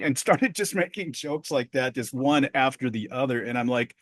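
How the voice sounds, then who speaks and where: A middle-aged man co-hosting a podcast, telling a story in a profane, animated way. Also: mid-range voice, a little fast, few pauses, no room sound, studio quality. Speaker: podcast co-host. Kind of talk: casual podcast chat.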